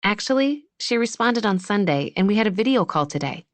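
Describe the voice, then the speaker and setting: A woman voicing a wry young woman doctor with a deadpan sense of humor, in audiobook dialogue. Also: mid-range voice, brisk, no room sound, voice pushed up, lightly acted.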